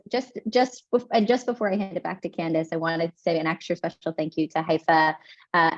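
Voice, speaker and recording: A woman's voice: low voice, no echo. Woman reading sponsor notes on a call. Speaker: co-host. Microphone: video call. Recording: dull video call audio.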